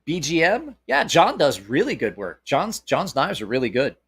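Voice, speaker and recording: A man's voice: fairly high pitch, wildly swooping pitch, moderate pace, fairly bright tone, breathy edge. A man with a Southern American accent hosting a casual knife chat, blunt and opinionated, swearing freely, with lots of stops and restarts. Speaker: knife channel host. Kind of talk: casual live-stream chat.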